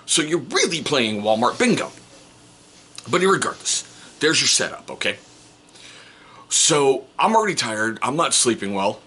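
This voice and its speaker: A man's voice: medium pitch, sing-song, moderate pace, long pauses, sharp tone, breathy edge. A middle-aged man vlogging casually, telling a story in a rambling, chatty way that keeps correcting itself.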